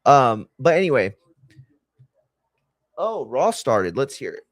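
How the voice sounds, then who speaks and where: A man's voice: medium pitch, very animated, takes it slowly, dry recording, studio quality. A man hosting a watch-along stream, chatting casually in a rambling, sarcastic and exasperated way. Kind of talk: casual chat.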